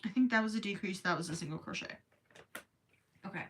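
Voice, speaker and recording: A woman's voice: medium pitch, quick pace, slight background noise. A young woman with a Minnesotan accent, chatting and giggling on a livestream while she crochets, tired and worried about losing her voice late at night. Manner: giggly, chatty, reading viewer comments aloud. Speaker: livestream host.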